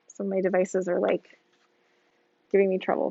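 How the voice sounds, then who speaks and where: A woman's voice: mid-range voice, fairly even intonation, fast, pauses often, darkish tone, dry recording, muffled recording. A woman lecturing over slides in a casual, chatty way, full of fillers and asides.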